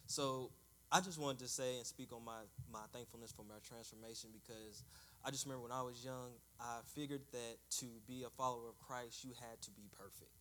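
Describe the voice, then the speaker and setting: A man giving a halting personal testimony of thanks at a church service, often searching for words. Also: mid-range voice, steady tone, pushed and bright.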